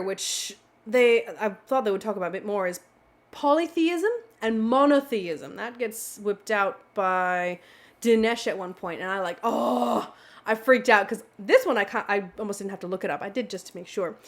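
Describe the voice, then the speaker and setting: A woman hosting a casual vocabulary video, explaining words in a playful, animated way with little exclamations. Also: on the high side. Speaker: vocabulary channel host.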